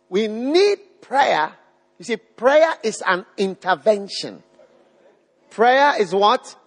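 A man preaching a live sermon to a congregation, emphatic, repeating his phrases and putting questions to the crowd. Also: sits high. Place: church hall with a live congregation. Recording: long hall reverb.

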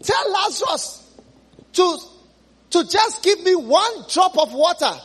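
A preacher doing a rich man shouting in torment. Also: very high-pitched, very animated, takes it slowly, a little hiss or hum, pitched above the performer's own voice, heavily acted. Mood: demanding. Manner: shouting, pleading.

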